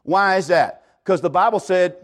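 A male pastor, preaching a sermon in a folksy, animated way and often calling out to the congregation. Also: high-pitched, normal speed. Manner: folksy, animated preaching with repeated "hey, listen to me".

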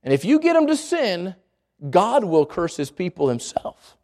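Brief: preacher playing a crafty hired prophet, sly tone, fairly high voice. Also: male voice, huge pitch swings, measured pace, a little mellow, heavily acted. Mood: scheming. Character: scheming male prophet for hire, middle-aged.

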